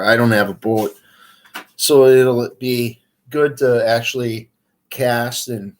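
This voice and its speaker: A man hosting a casual livestream, talking in a rambling, easygoing way with lots of fillers. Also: medium pitch. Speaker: outdoors livestream host.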